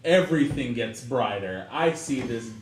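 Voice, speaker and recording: A man's voice: mid-range voice, lively intonation, a little slow. A man playing a tabletop game, rambling as he describes what his character does. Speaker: player. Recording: roomy, distant mic with faint noise.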